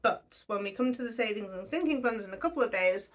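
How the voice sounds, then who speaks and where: A woman's voice: mid-range voice, expressive, fast talker, fairly bright tone. A woman in her thirties chatting casually to camera about budgeting, self-deprecating and laughing often. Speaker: budgeting vlogger.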